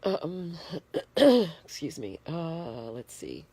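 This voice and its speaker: Congested low-voiced woman, shivering. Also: huge pitch swings, dark tone, breathy edge, no room sound. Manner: plain, unhurried, explaining in detail. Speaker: vlogger. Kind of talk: casual personal video diary. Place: bedroom, in bed. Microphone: phone held in hand.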